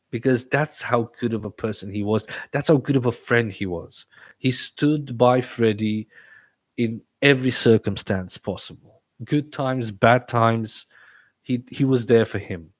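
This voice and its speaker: A livestream host chats casually, rambling and stammering through frequent restarts, his speech slightly impeded by a toothache. His learned English sounds faintly British, in a mid-range voice that runs a little slow, captured in a dry recording.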